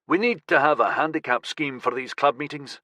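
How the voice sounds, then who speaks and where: A male narrator voicing a gruff, matter-of-fact middle-aged man in an audiobook. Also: on the high side, brisk, sharp tone, no echo, pitched above the performer's own voice.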